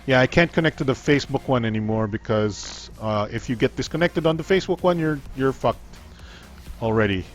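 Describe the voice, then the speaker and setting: A man's voice: medium pitch, fairly quick, soft background music. A man hosting a casual tech livestream, rambling with frequent ums, restarts and trailing-off sentences.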